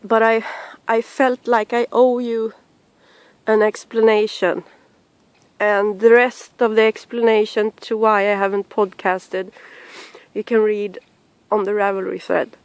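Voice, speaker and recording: Tearful woman, slow and halting. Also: mid-range voice, flat delivery, clear, resonant tone, no room sound. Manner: halting, with sighs and restarts. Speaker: podcaster addressing her listeners. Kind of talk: personal message to camera. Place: at home.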